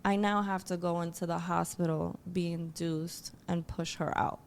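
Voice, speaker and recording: A woman guest telling an emotional personal story, acting out what people said with lively quoted voices. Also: moderate pace. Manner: animated, acts out quotes in a higher voice.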